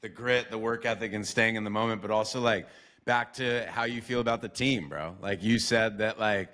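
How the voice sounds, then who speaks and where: A man's voice: on the low side, steady tone, moderate pace, bright, forceful tone. A man hosting a podcast in casual interview chat, laid-back, filling his talk with "like" and cursing freely. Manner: laid-back, swears freely, says like a lot. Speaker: podcast host.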